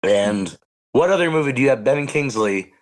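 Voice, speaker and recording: A man's voice: medium pitch, lively intonation, normal speed, poor audio. A man co-hosting a movie podcast, talking casually and with amusement about an absurd film. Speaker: podcast co-host. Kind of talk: casual movie review chat.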